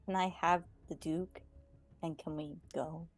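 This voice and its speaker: A woman's voice: sits low, steady tone, unhurried. A woman player in a tabletop game, wry and hesitant. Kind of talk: tabletop game role-play.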